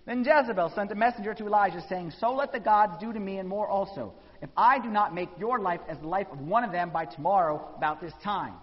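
A man preaching a sermon, telling the story with animated voices for the people in it. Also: high voice, fast talker, hardly any pauses. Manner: animated storytelling, acting out quotes. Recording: dull sound in a reverberant hall.

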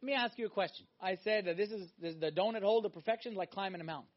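A male preacher with a very high voice delivers an emphatic, animated sermon. He swings from loud exhortation down to hushed, intense passages. The recording is dull and lo-fi. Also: racing.

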